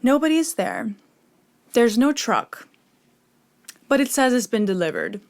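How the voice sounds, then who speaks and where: A woman's voice: on the high side, wildly swooping pitch, unhurried, creaky. A young woman vlogger talking about meditation and manifesting. She tells a story in a chatty, casual way, swears freely and fills her talk with "like" and "you know.".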